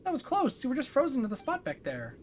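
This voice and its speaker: A streamer voicing a tiny, excitable female companion who talks about herself in the third person, in a high, chirpy voice over faint game music. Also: fast talker, a little hiss or hum. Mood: fretful. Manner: refers to self in third person.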